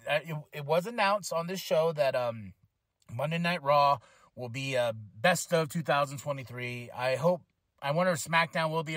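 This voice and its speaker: A man hosting a solo podcast, recapping a wrestling show in a casual, excitable way and acting out quotes with lots of fillers. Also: fairly high pitch, dry recording, clean studio sound. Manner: excitable, chatty, acts out quotes. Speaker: podcast host.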